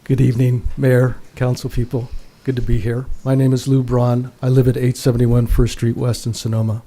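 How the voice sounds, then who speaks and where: A man's voice: medium pitch, little pitch movement, normal speed, warm tone. A man giving a prepared public comment at a city council meeting, earnest and emphatic as he reads from his notes.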